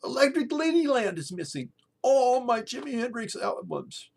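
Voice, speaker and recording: A man putting on the high, frantic voice of a young man who finds his records stolen. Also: sing-song, moderate pace, gravelly, a little mellow, full character voice. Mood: upset.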